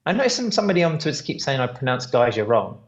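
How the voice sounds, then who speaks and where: Rambling British podcast guest, dull lo-fi sound. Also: male voice, mid-range voice, big pitch swings, racing. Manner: rambling anecdotal storyteller, many fillers. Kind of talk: casual podcast chat.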